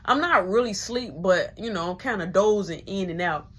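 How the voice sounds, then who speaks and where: A woman's voice: mid-range voice, normal speed, fairly bright tone, slightly rough. A young adult woman telling a profane, slangy personal story in a casual monologue, dropping into whispers when she quotes people.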